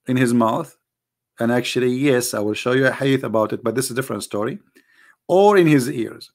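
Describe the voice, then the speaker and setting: A man's voice: medium pitch, brisk. Sarcastic man with an Arabic accent. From Arab world. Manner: mocking, rhetorical, speaks straight to the audience. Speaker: online religion critic. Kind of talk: sarcastic monologue to viewers.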